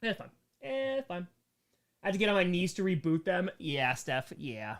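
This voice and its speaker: A man's voice: high voice, sing-song, normal speed, a bit bright. A young man hosting a casual livestream Q&A, reading comments aloud with sarcastic jokes and frequent laughs. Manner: joking, sarcastic, laughs often. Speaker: streamer hosting a members Q&A.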